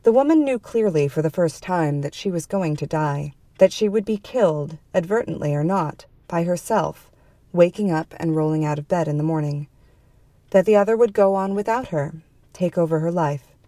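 A woman reads a dark fantasy story in a measured, even narration. Her voice is lowish and mellow. The recording is dry and close. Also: dry recording.

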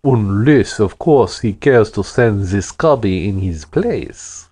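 A man voicing a huge, taunting brute of a man with a booming voice and a Russian accent, in a fiction podcast reading. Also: lively intonation, slow pace, darkish tone, slightly rough, exaggerated voice. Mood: menacing. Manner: falsely sweet, taunting. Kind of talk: audiobook character voice.

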